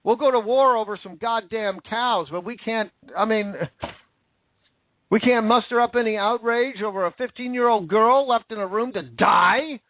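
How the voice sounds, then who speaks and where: This commentator's angry monologue comes in a high voice at a moderate pace, profane and packed with rhetorical questions, with sarcastic moments. The audio is tinny and dry.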